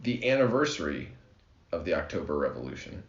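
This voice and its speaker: A man's voice: very deep voice, sing-song, fairly quick. A man co-hosting a podcast, chatting casually and laughing often as he explains history. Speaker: podcast co-host. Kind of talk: casual chat. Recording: roomy, dull lo-fi recording.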